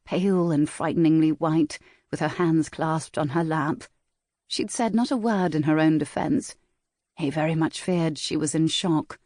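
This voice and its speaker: A woman narrating a historical romance audiobook in a measured, dramatic style. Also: low voice, dark tone, dry recording, clean studio sound. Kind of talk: scripted narration.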